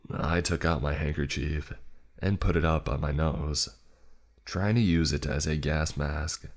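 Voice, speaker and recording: A man narrating a horror story in a measured, dryly sarcastic way. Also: rumbling low.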